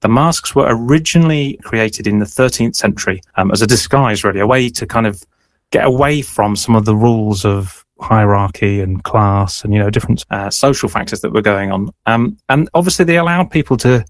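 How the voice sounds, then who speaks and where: A man's voice: fairly low pitch, fairly quick, dry recording. Chatty male radio host, dry sound. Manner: chatty, hedging with fillers, playful. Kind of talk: casual radio interview with a quiz.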